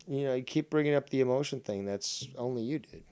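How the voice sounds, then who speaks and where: A man's voice: mid-range voice, quick pace, loud music behind the voice. A man hosting a casual call-in stream, sarcastic and mocking, swearing freely as he talks with callers. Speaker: stream host.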